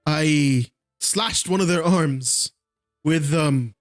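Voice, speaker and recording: A man's voice: a little high, extremely slow, soft background music. A man voicing a boastful dragonfolk father who brags about his fights. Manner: bragging, puffed-up.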